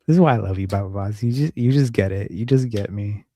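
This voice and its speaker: A man's voice: fairly low pitch, fast talker, dark tone, no room sound, clean studio sound. Rambling, foul-mouthed male streamer. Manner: rambling, profane, joking. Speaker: livestream host. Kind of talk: casual live-stream chat. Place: at home.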